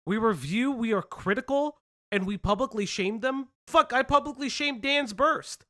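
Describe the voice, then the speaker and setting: A woman's voice: on the high side, moderate pace, bright, forceful tone. A woman hosting a commentary stream, talking bluntly and swearing often. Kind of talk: casual commentary.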